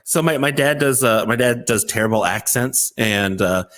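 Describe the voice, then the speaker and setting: A man co-hosting a comedy show, joking playfully and quick to jump into bits. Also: mid-range voice, a bit bright. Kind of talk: casual comedic chat.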